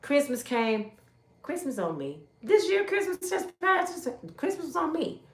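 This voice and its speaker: A woman in her fifties telling her life story as a testimony, acting out the voices of others and swinging from loud exclamations to hushed asides. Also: high-pitched, a little slow. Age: 50s. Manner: animated, acts out others' voices in quotes. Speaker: YouTube storyteller. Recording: roomy echo.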